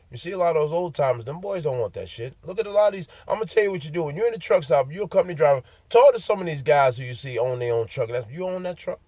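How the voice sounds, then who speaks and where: A man's voice: mid-range voice, a little mellow, no room sound. A man who drives trucks, ranting bluntly and profanely to his viewers in a casual vlog, repeating his points and speaking straight to them.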